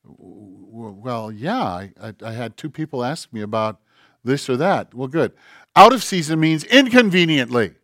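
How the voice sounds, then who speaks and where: A man preaching a conversational sermon, swinging between loud emphasis and hushed, quiet quoting. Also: mid-range voice, expressive, moderate pace, no room sound, clean studio sound. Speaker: pastor.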